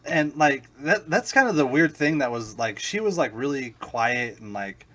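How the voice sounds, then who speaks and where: A man's voice: medium pitch, lively intonation, moderate pace, bright, forceful tone. A man co-hosting a podcast, chatting casually with crude, joking asides. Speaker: podcast co-host. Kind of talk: casual storytelling chat.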